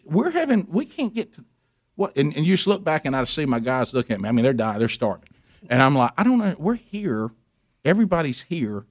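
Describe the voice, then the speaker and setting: An older man spins a long story in casual chat, slipping into the voices of the people he quotes. His voice sits at an everyday middle pitch. The sound is close and dry, with no room around it. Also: fast, no room sound. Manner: animated anecdote-telling, acting out quoted people.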